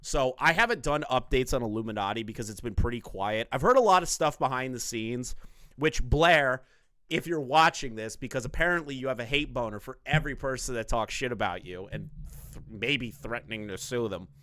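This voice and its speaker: A man's voice: mid-range voice, fairly quick, pushed and bright, dry recording, studio quality. A man doing casual live-stream commentary on online drama, crude, profane and mocking in his delivery.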